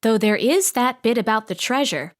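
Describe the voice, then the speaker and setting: A woman voicing a blunt, skeptical local woman in an audiobook, brisk in manner. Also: on the high side, expressive, pitched above the performer's own voice, close to an everyday voice. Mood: curious. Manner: brisk, dismissive.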